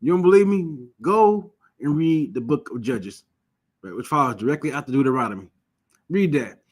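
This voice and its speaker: A man teaching a religious class, emphatic and repetitive, often asking the listeners questions and telling lively stories. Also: medium pitch, moderate pace, slightly rough. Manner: lively storytelling.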